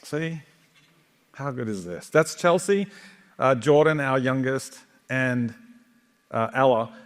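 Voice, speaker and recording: A middle-aged Australian man giving a joking, animated keynote talk to a live audience in a large hall. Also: mid-range voice, slow. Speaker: conference speaker.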